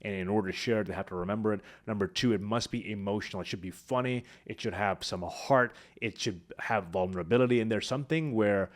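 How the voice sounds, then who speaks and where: A man teaching public speaking, talking to camera with lively swings between high energy and quiet, hushed moments. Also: fast talker, hardly any pauses. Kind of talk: instructional talk to camera.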